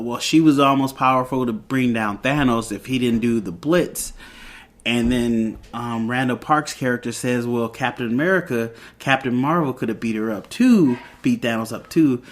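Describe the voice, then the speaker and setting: A male reviewer walks through an episode in a loose, conversational recap. He rambles, circles back and fills pauses often, in a medium-pitched, everyday voice. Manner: rambling, with many fillers and restarts.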